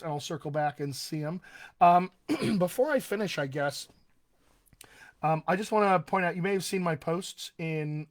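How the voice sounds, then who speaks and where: A man coaching actors on accents in a casual solo live stream, chatty with many fillers and restarts. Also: a little high. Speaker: dialect coach.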